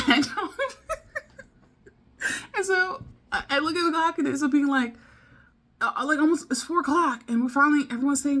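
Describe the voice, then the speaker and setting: A woman's voice: high-pitched, animated, normal speed, a bit bright. A young American woman telling a rambling story in a casual vlog, full of fillers, restarts and laughter. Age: young adult. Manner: rambling, laughing, with many fillers and self-interruptions. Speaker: vlogger.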